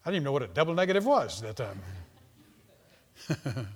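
A middle-aged man preaching a sermon, emphatic, repeating words and swinging from loud to quiet. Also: mid-range voice, sing-song, a little fast, slightly rough. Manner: emphatic, repeats words, rises and falls sharply in loudness.

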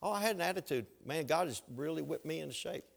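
Male preacher, slightly raised pitch, folksy storytelling sermon with jokes and asides to the audience. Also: lively intonation, fast, vocal fry. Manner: storytelling with humor and asides to the congregation. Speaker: pastor.

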